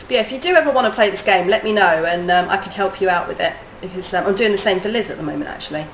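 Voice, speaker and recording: A woman who teaches adults chats casually through a game live stream, laughing often. Her talk drifts from soft murmurs to lively bursts. The room sounds roomy and echoing, with faint noise underneath. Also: medium pitch, very fast.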